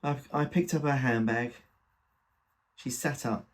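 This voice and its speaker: A man's voice: medium pitch, a little slow. A man reading a comic dramatic monologue in the first person, with a wry, gossipy delivery. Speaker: reader.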